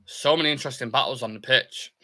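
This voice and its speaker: Talking quickly in a mid-range voice, a young fan channel host leads a live football watchalong. He keeps up casual chatter, reads viewer comments out loud, and cheers for his team in excited bursts.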